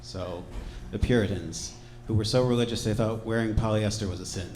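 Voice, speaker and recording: A man from Georgia doing a stand-up set, wry and deadpan, with throwaway asides. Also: on the low side, brisk, slight background noise. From Georgia, USA. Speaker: stand-up comedian. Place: comedy club stage. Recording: echoey club with loud crowd laughter. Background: audience laughing.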